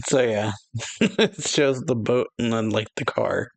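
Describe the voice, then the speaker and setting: A man's voice: mid-range voice, slow. A man hosting an anime reaction, casually recapping a manga chapter and reading its dialogue aloud with light chuckles. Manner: relaxed, reads quotes plainly with light chuckles.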